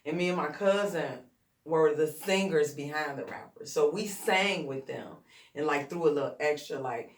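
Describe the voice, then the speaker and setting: A woman's voice: low-pitched, moderate pace. A woman from Chicago's west side, a rapper in an interview, telling her story bluntly and profanely with lots of energy. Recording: roomy echo, distant mic.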